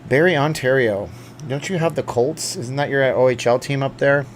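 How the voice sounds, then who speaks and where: A man's voice: mid-range voice, normal speed, slight background noise. A man from Canada hosting a casual live stream, rambling and jokey, reading out viewer chats.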